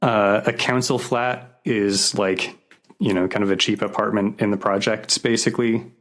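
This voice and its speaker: A man co-hosting a podcast in casual chat, unhurried and a little hesitant as he explains slang terms. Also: fairly low pitch, fairly even intonation, a bit bright. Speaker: podcast co-host.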